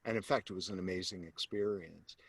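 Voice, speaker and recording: A man, a sales coach, telling a personal story as an interview guest, animated and acting out the voices of the people in it, then turning low and earnest to make his point. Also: brisk, gravelly, husky. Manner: animated storyteller who acts out quoted voices; drops to a low, earnest tone when making a point.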